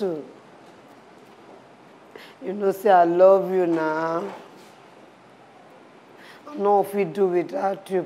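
A woman's voice: mid-range voice, a little mellow, slight background noise, natural voice. A woman playing a heartbroken Nigerian girl. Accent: Nigerian Pidgin. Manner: pleading, tearful Pidgin. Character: heartbroken young woman pleading with lover. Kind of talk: comedy sketch acting.

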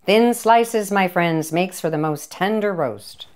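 A woman hosts a cooking show with a slightly low voice for a woman. She talks to the camera in a playful, chatty way, slipping in jokey asides and little cheers as she demonstrates. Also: slow, over loud music. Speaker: cooking show host, home economist.

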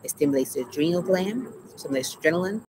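Speaking quickly in an expressive, fairly low voice, this therapist shares a personal trauma story mixed with lessons from her garden show, anxious with her heart racing, stopping to breathe and asking "right?" again and again. The outdoor audio carries loud cricket and insect noise.

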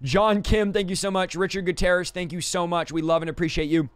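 A man hosting a livestream, quickly thanking donors and stumbling over names, a little out of breath. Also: sits high, flat delivery, clear, resonant tone, no room sound. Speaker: livestream host.

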